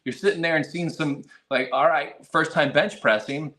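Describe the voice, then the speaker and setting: A man talking casually on a podcast, telling lively stories and acting out little quoted moments. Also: on the high side, normal speed. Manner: animated storyteller, acts out quotes, frequent restarts. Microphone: remote video call.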